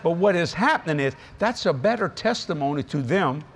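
A male preacher telling humorous, folksy stories in a lively sermon. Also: on the high side, fairly quick. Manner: folksy, humorous, animated storytelling with many acted quotes. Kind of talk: sermon with storytelling.

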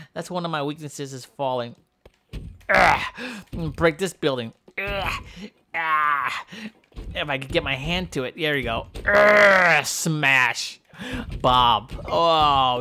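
A man voicing Bob, a boastful, goofy male strongman who smashes buildings in a video game, with shouty brags and childish jokes. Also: medium pitch, a little hiss or hum, full character voice. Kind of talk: comedic game character voiceover.

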